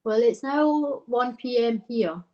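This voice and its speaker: A woman's voice: on the high side, lively intonation, slow pace, dark tone, muffled recording. A Danish woman with a Scottish accent, chatting as a guest on a live stream in a friendly, slightly hesitant way. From Denmark. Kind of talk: casual chat on a live stream.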